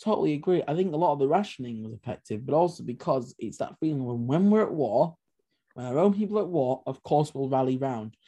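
A man's voice: medium pitch, expressive, quick pace, warm tone, husky. A man co-hosting a history podcast, talking animatedly with sarcastic asides. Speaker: podcast co-host. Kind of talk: casual history podcast discussion.

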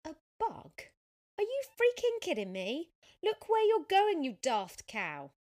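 A woman voicing a hot-tempered young male cyclist in a storybook reading, shouting at a stranger. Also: on the low side, lively intonation, normal speed, natural voice. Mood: furious. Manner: shouting, furious.

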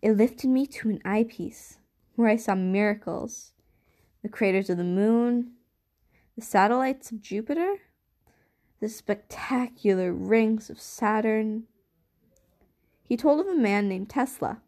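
A woman narrating a novel aloud in a steady, measured reading voice. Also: fairly high pitch. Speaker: audiobook narrator. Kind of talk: scripted narration.

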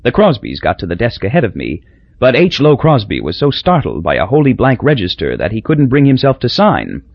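Husky man narrating an audiobook. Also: medium pitch, huge pitch swings, a little fast, no room sound, lo-fi sound. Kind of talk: scripted narration.

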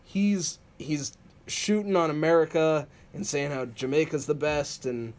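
Storytelling man, slightly high voice. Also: unhurried. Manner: storytelling, animated, laughs often. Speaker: podcast co-host. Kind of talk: casual wrestling chat.

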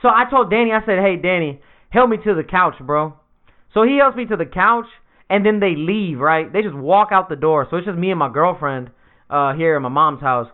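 A man's voice: sits high, fairly quick. A young man in casual chat, slangy and laid-back, swearing freely, recovering from surgery. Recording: tinny lo-fi phone-like sound.

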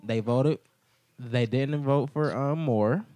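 A man's voice: medium pitch, slow pace, mellow, no echo. A young man hosting a casual podcast chat, telling rambling stories full of filler words. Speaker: podcast host.

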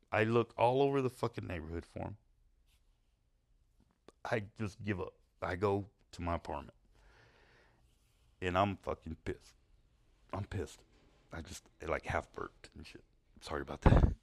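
Deep gravelly man telling stories. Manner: rambling, swearing, laughing at his own story. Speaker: storyteller. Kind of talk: profane casual storytelling.

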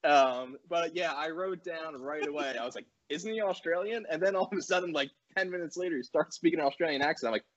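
A man's voice: on the high side, fast talker, few pauses. A man joking and laughing as he critiques a movie in a casual podcast chat. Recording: dull lo-fi sound.

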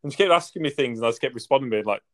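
A man, a podcast guest telling his side in casual chat, loose and quick with "sort of thing". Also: mid-range voice, lively intonation. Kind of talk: casual storytelling.

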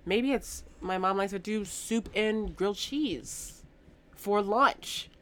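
A woman's voice: mid-range voice, takes it slowly, fairly bright tone. Chatty woman podcast co-host. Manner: chatty, trails off with fillers and self-corrections. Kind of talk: casual chat.

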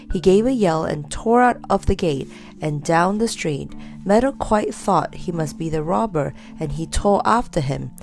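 A woman reading a children's story aloud in a lively, expressive way. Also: fairly low pitch.

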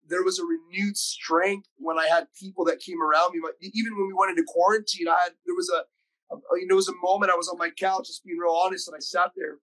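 High-voiced man telling an earnest story. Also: fairly even intonation, a bit bright, low-quality recording. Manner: earnest, emotional, quick bursts when recounting. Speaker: podcast host and school preacher. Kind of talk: personal storytelling in conversation.

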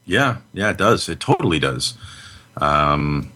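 Man, very low voice, bright tone, rambling casual film chat, podcast co-host. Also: big pitch swings, slow. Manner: rambling, lots of fillers and restarts.

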